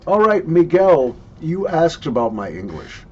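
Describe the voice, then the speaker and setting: A man from Minnesota with a light, mostly trained-out Minnesotan accent, answering viewer questions with crisp radio-announcer diction and dry humor, recorded in a basement. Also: fairly high pitch, big pitch swings, measured pace. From Minnesota, USA. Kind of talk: slow deliberate vlog talk, words spaced apart. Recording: dull lo-fi audio with faint background hiss.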